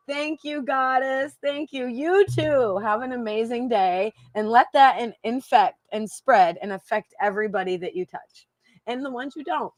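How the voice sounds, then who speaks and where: A woman's voice: high voice, expressive, slow, long pauses, no echo. A woman from Michigan chats on a live stream about her psychic readings. She talks in an emotional, rambling way, laughing often and repeating her own phrases. Her voice is recorded close and dry, with no room sound. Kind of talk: casual live-stream chat.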